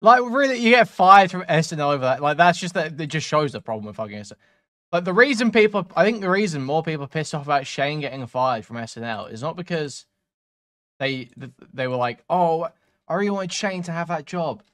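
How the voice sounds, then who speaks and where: A man hosting a commentary channel, reacting to clips in a profane, casual way and swinging between mumbled asides and loud outbursts. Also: fairly high pitch, animated, fairly quick.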